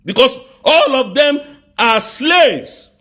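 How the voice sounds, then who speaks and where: A man from southeast Nigeria, speaking with a Nigerian accent in a very high-pitched voice, rants angrily on a live stream. He's animated yet slow, firing off accusing rhetorical questions and sometimes shouting.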